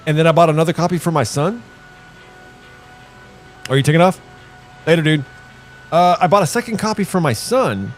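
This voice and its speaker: This middle-aged streamer has a fairly high voice and talks briskly but pauses often, with soft music in the background. He rambles through casual live commentary on a video game, swearing and telling animated stories.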